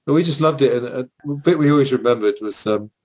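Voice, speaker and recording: A man's voice: medium pitch, quick pace, darkish tone, low-quality recording. A man with an English accent, co-hosting a podcast, telling long, nostalgic stories with plenty of fillers. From England. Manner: rambling, nostalgic storytelling with fillers. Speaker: podcast co-host. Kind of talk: casual chat.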